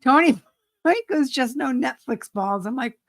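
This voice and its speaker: A woman's voice: high voice, expressive, unhurried. A woman co-hosting a casual chat, teasing her partner and laughing often. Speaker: co-host.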